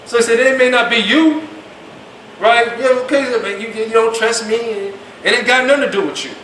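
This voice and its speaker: A man with a high voice lectures a class in an emphatic, casual style. The room is echoey and the mic sits at a distance. A faint hum runs underneath. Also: brisk, pushed and bright. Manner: emphatic, colloquial, acts out quoted speech. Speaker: Islamic class teacher.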